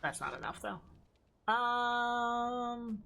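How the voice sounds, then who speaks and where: Streamer, live gameplay commentary, bright forceful tone, talks to chat, frequent swearing. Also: mid-range voice, very slow, gravelly.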